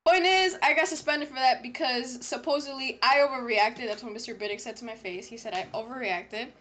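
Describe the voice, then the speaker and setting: Teen girl, high voice, rambling animated story w lots of "like". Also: a little fast. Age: teens. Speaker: podcast co-host. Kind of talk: casual chat.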